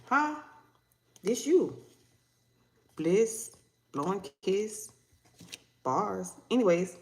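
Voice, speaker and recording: A woman giving a casual, animated tarot reading, breaking into high mock voices. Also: extremely slow, long pauses, reverberant. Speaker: tarot reader.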